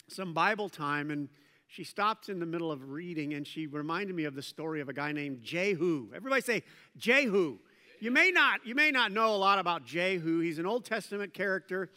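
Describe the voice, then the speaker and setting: A man's voice: high voice, clean tone, long reverb tail. A middle-aged male pastor preaching a sermon, retelling a story with playful jokes and asides. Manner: animated storytelling with joking asides.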